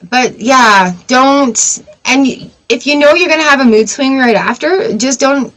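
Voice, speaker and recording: On her tarot livestream, a woman chats casually and gives advice, staying candid and encouraging while talking to herself in asides. She has a high-pitched, fairly bright voice with lively intonation and a slow pace, heard over poor audio.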